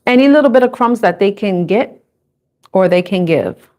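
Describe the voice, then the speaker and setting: A woman's voice: mid-range voice, lively intonation, moderate pace, darkish tone. A young adult woman doing a live intuitive tarot reading, chatty and casual, laughing often and swearing freely. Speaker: tarot reader.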